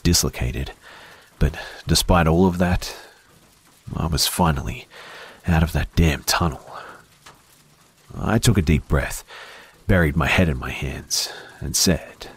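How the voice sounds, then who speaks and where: A man slowly narrating a first-person horror story in a hushed voice that often drops to a whisper. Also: rumbling low, slightly rough.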